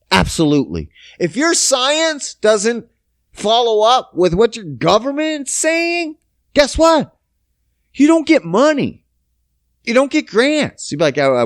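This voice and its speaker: On his own podcast, a young Canadian rants casually with plenty of swearing and sarcasm. His voice sits high, and the recording is dry and studio quality.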